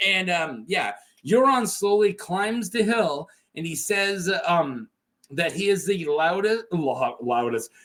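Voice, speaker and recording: A man with a notably high voice hosts a casual lore video. He talks in an animated, chatty way and often breaks into laughter. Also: slow pace.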